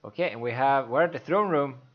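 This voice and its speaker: A man's voice: mid-range voice, fairly quick, muffled recording. A man casually describing a game playthrough for blind viewers as a streamer, in a chatty way.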